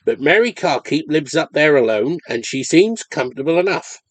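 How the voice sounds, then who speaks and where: A man playing an honest, slow-witted older farmer with a Cornish accent and plain rustic speech. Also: a little high, lively intonation, no echo. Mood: cautious.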